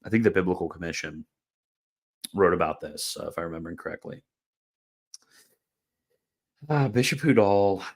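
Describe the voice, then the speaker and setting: During a live stream, a young man answers chat in a low-pitched voice at normal speed, leaving long pauses. His talk is casual and rambling, full of fillers, with laughter at viewers' comments.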